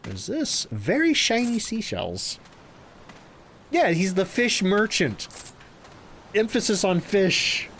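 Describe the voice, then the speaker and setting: A man's voice: high voice, big pitch swings, slow pace, pauses often, a bit bright, slight background noise. A man streaming a game live, reacting with goofy jokes and sudden exclamations and thanking his chat. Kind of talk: live gameplay commentary.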